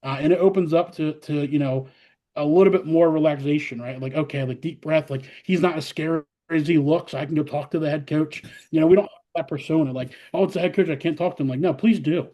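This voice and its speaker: Upbeat, fairly high-voiced man talking shop. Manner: energetic, quick storytelling with many fillers and restarts. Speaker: college softball head coach, guest. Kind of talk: casual interview talk.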